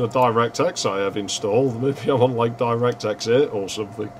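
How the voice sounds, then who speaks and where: A man casually commenting while streaming a retro game, swearing freely and yelling at the screen now and then. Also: mid-range voice, fairly quick, hardly any pauses, faint music behind.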